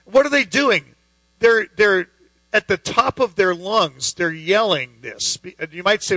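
A man's voice: sits high, animated, a little slow, sharp tone, no room sound, poor audio. A man preaching a sermon in an emphatic, conversational way, full of rhetorical questions.

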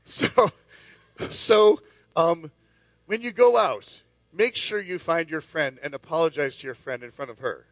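High-voiced storytelling male pastor. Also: a little slow, a bit bright, no room sound. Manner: storytelling with lots of restarts and asides. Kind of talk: sermon.

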